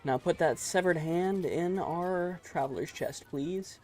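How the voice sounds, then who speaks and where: A man's voice: a little high, unhurried, darkish tone, slight background noise. A man streaming a video game, rambling and joking in casual commentary.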